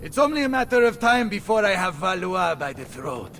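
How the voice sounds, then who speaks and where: An actor with an Italian accent playing a boisterous, hot-tempered mercenary general in a game, blustering and shouting curses. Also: male voice, high voice, big pitch swings, fairly quick, creaky, recorded from a distance, very noisy, heavily acted.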